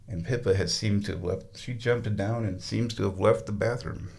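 A man in a bathtub, rambling casually and slipping into high baby-talk to his cat. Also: steady tone, moderate pace, gravelly, hardly any pauses, darkish tone. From United States. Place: bathroom, sitting in a bathtub.

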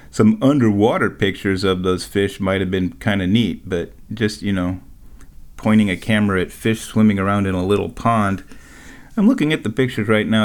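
A middle-aged man talking in a rambling, casual monologue, often laughing at his own stories and tossing in sarcastic asides. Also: fairly low pitch. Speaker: vlogger.

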